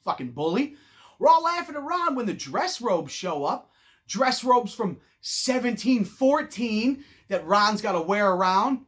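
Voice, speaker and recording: A man's voice: extremely high pitch, fairly bright tone. A man delivering a profane comedic rant with mock outrage. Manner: ranting, swearing, mock indignation. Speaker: comedic ranter.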